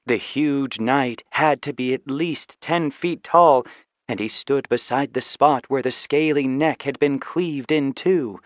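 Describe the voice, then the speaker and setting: A man narrating a fantasy audiobook in steady, scripted storytelling. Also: mid-range voice, takes it slowly, no room sound. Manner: even, steady storytelling with voiced dialogue. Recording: slightly dull, dry studio recording.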